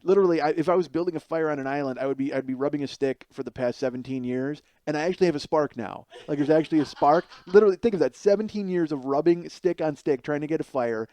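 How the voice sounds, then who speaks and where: Talking quickly with hardly any pauses, this man in his forties has a slightly high, dark-toned voice. He's a podcast host delivering a comedic storytelling monologue, rambling, mocking himself, and acting out voices in his anecdotes.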